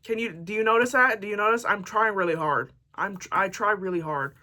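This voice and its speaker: A woman's voice: medium pitch, a little fast, sharp tone. A woman book vlogger chatting casually to camera, reading book blurbs aloud with jokey asides.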